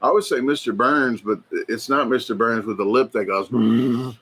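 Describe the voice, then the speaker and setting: A man hosting a casual livestream, rambling and chatty as he reads viewer comments aloud, filling pauses with lots of fillers and restarts. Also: mid-range voice, a bit bright, husky. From United States. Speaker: livestream host. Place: indoors at a hobby shop.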